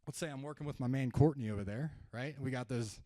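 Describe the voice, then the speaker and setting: Giving a live sales seminar, a young man talks fast in a medium-pitched voice with no echo. He's a sales trainer who jokes with the audience in the event room and acts out phone calls using contrasting tones, full of energy.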